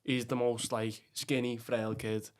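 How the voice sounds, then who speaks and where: A man's voice: medium pitch, level tone, unhurried. Sweary, blunt Scouse man calling everyone lad. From Bootle, Liverpool, England. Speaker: podcast guest. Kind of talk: casual podcast chat.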